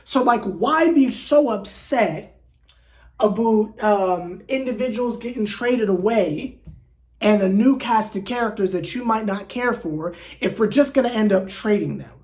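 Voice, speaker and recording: A woman hosting a sports fan channel, venting in an animated, exasperated way with lots of stumbling repeats. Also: mid-range voice, a little slow. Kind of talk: casual fan rant to camera.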